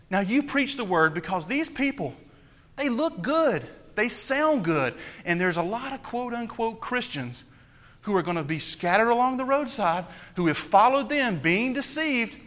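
A man preaching a sermon, emphatic, repeating key phrases and slowing down to stress them. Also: sits high, bright, forceful tone, in a large hall.

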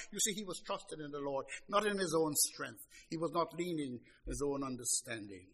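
Male preacher, high and bright, theatrical sermon style, voices Bible figures, big swings in volume. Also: brisk, hardly any pauses, husky. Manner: dramatic, acts out Bible figures in quotes, swings from hushed to loud; addresses listeners as beloved.

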